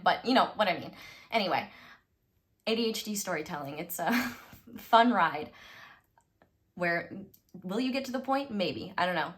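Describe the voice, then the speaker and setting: A young woman in her twenties telling a casual storytime to her viewers, rambling, cutting herself off and laughing often, with sudden loud bursts. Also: fairly low pitch. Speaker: tarot reader.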